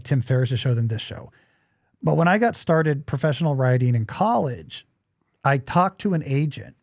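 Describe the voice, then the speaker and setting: A man's voice: fairly high pitch, darkish tone, no echo, clean studio sound. A man hosting a podcast in casual chat, joking and rambling, while losing his voice. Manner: joking, self-deprecating, rambling asides. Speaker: podcast host.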